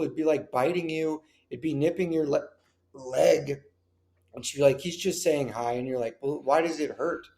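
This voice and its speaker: A man's voice: on the high side, warm tone. A man, a comedian and actor, guesting on a chatty podcast and telling rambling, casual anecdotes. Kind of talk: casual chat.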